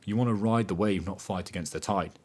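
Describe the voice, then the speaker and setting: A man hosting a podcast, talking in a casual motivational monologue that is animated and emphatic, swearing freely. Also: sits low, brisk. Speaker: podcast host.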